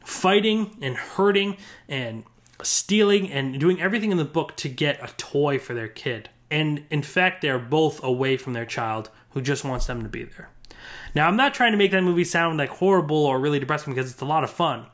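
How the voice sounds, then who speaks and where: Brief: young male film reviewer, slightly higher voice, earnest and rambling, casual to-camera talk. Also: expressive, moderate pace, a bit bright. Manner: earnest, rambling with many restarts. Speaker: movie reviewer.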